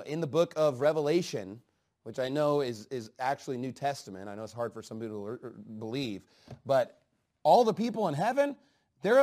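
A man preaching a fiery sermon, swinging from low asides to loud, emphatic outbursts. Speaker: pastor.

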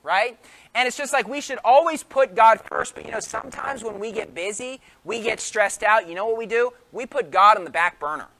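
A man's voice: sits high, fairly quick, vocal fry, bright, forceful tone. A man preaching a sermon in an emphatic way, full of rhetorical questions.

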